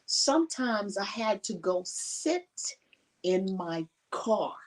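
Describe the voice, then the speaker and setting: An earnest woman sharing personal testimony on a conference panel, her voice emotional and broken by frequent laughter. She sits a little back from the mic, so she sounds slightly distant, with a medium pitch. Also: sing-song, slow.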